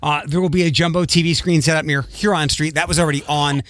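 Chatty radio host with a bright, dry voice. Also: male voice, on the high side, fairly even intonation, fast talker, no echo. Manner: chatty, reads local news items conversationally. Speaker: radio morning show host. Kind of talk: casual radio banter and news rundown. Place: radio studio. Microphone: studio microphone.

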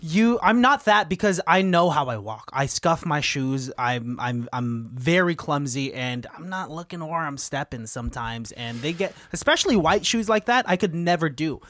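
A man's voice: a little high, lively intonation, normal speed, hardly any pauses, fairly bright tone, no echo. A man hosting a podcast, chatting casually and teasing his guests in a rambling way. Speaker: podcast host. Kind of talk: casual chat.

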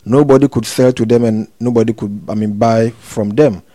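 A male host with a mid-pitched, warm, mellow voice sums up his guest's story. He speaks in a measured way and pauses on "um." He is recorded close and dry. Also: fairly even intonation, no echo. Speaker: interviewer host. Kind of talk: interview recap.

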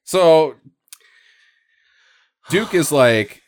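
Giggly man with a lively voice. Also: mid-range voice. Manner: giggly, retells scenes with quick joking asides. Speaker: podcast co-host. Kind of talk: casual movie-review chat.

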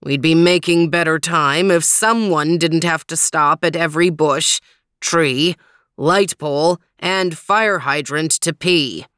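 A bossy, overweight male dog who leads the pack , played by a woman reading a storybook. He gives orders in a low, gruff voice. The sound is dry and close. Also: expressive, takes it slowly, fairly bright tone, no room sound, full character voice.

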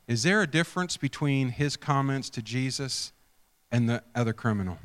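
A man preaching a sermon, telling a personal story with animated swings from hushed whispers to shouts. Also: medium pitch, moderate pace, big-room sound. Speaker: pastor.

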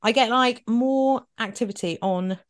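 A woman's voice: a little high, measured pace. A woman, co-hosting a podcast in giggly, chatty and sweary casual talk. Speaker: podcast co-host. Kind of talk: casual chat.

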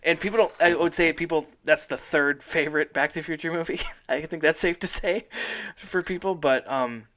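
A man's voice: a little high, moderate pace, few pauses, a bit bright. A man hosting a casual podcast chat, rambling enthusiastically and laughing often. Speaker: podcast host.

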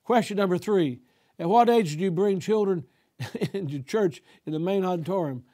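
A man's voice: sits high, normal speed, warm tone. An older man, a pastor, preaching an emphatic sermon with a preacher's cadence, often restarting his phrases.

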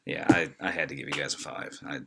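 A man's voice: very deep voice, steady tone, fast talker, gravelly, heavy background noise. A man from Indiana co-hosting a podcast, rambling casually with friends. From Indiana, USA. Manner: rambling, restarts often. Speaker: podcast co-host. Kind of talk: casual chat among friends.

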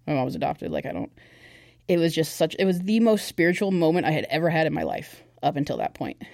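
A woman's voice: deep voice, expressive, quick pace, creaky, a little mellow, no room sound, studio quality. A young woman giving a personal testimony on a podcast, speaking candidly and conversationally, with lots of fillers. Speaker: podcast guest. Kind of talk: personal testimony in casual chat.

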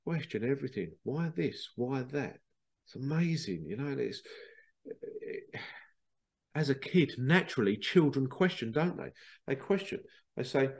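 A man's voice: medium pitch, expressive, a little slow, creaky. A man hosting a solo podcast, rambling along, repeating words and asking rhetorical questions. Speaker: podcast host. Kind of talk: casual solo podcast monologue.

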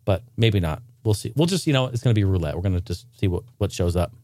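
A young man hosting a casual gaming news podcast, rambling and joking, sometimes breaking into loud shouted bits. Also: low voice, expressive, quick pace, no room sound. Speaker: podcast host.

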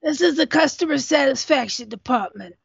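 A woman putting on a brassy, chain-smoking supervisor lady with a raspy smoker's rasp and a high-set voice, sassy and calling everyone honey. The prank call has a dry, muffled sound. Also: animated, fairly quick, no echo, exaggerated voice. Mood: smug. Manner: sassy, calls people honey. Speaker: prank caller posing as supervisor.

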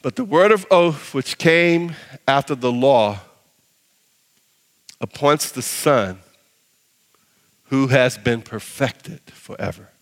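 A man preaching a sermon as pastor, animated, acting out little voices in his quotes, then dropping low and soft to read scripture. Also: slow pace, pauses often, long reverb tail. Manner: drops to a low soft voice when reading scripture.

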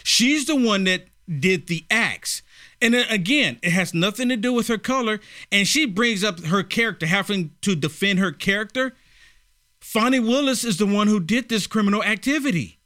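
Emphatic male talk show co-host, higher-pitched, dry close sound. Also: moderate pace, pushed and bright, no room sound. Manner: indignant, emphatic. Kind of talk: political talk radio.

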